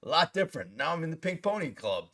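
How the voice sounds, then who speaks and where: A middle-aged man, an actor, telling stories in a casual interview, animated and swearing freely. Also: fairly high pitch, fast talker.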